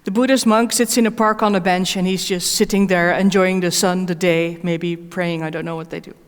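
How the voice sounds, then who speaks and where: A woman's voice: on the low side, steady tone, normal speed, clear, resonant tone. Hesitant woman speaker in an echoey hall. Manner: hesitant, many fillers and restarts. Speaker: conference speaker and certified coach. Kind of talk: conference Q&A answer. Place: conference hall.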